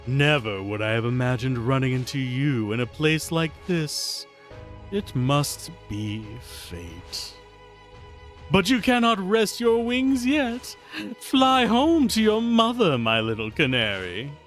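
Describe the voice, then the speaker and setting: Man playing a silky game villain, swooping gloat, bright tone. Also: fairly high pitch, expressive, slow, faint music behind.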